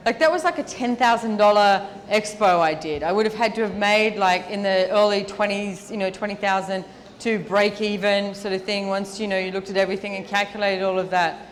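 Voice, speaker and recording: A woman speaking as the featured speaker at a live seminar, answering audience questions in a chatty, lively way full of "like"s. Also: medium pitch, fairly quick. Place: large event hall with an audience. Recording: long reverb of a large hall.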